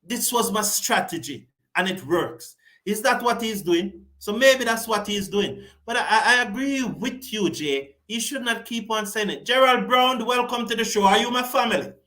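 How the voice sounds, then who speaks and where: A man's voice: high-pitched, normal speed, few pauses, pushed and bright. A man from the West Indies, hosting live online cricket commentary, passionate and repeating points for emphasis while answering viewer comments.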